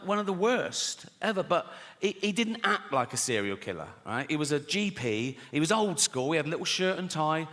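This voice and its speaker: A man's voice: sits high, fairly bright tone. A middle-aged man performing a stand-up set, brash and sweary, ranting at the crowd. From England. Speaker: stand-up comedian. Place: large theatre stage. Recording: live hall reverb with audience noise.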